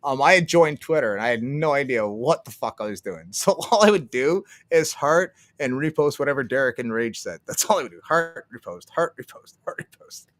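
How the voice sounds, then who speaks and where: A man's voice: medium pitch, lively intonation, brisk, few pauses, no room sound. A man from Canada hosting a casual livestream, rambling and swearing, laughing often and acting out what others said. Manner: rambling, profane, laughs often, acts out quotes. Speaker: streamer.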